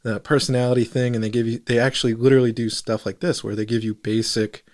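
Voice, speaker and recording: A man co-hosting a casual podcast, talking in a rambling, hesitant way with many pauses and ums. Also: mid-range voice, level tone, darkish tone. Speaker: podcast co-host. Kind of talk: casual chat.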